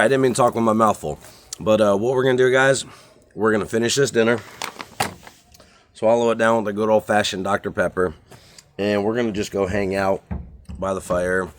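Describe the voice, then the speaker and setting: A man with a low, deep voice talks to his viewers in a relaxed, folksy vlog style. He is recorded outdoors at a campground on a camera mic. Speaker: outdoor vlogger. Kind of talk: casual vlog talk to camera.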